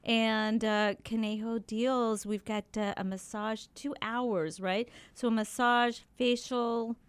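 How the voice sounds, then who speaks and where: A woman's voice: on the high side, fairly even intonation, slow, smooth, no echo. A middle-aged woman hosting a radio talk show, chatting casually and rambling with lots of fillers and restarts.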